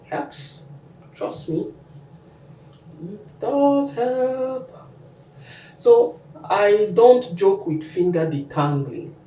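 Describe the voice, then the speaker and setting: A woman's voice: medium pitch, lively intonation, very slow, long pauses, dark tone. A woman walking viewers through her hair care routine in a casual, chatty how-to vlog. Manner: chatty, talks the viewer through each step. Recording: echoey room, mic at a distance, faint noise.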